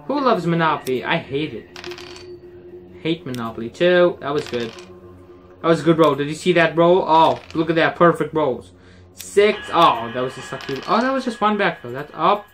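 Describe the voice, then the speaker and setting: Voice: medium pitch, lively intonation, normal speed, soft background music. Frustrated gamer ranting over a board game. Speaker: gaming channel host. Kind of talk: let's play commentary.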